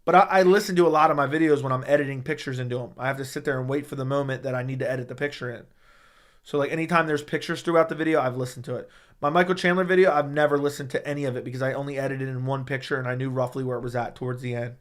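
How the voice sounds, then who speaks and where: A man's voice: mid-range voice, steady tone, rapid-fire. A man hosting a casual sports livestream from home, bluntly answering viewer questions into a studio mic. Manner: blunt, profane, dismissive of dumb questions. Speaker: MMA livestream host. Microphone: studio dynamic microphone.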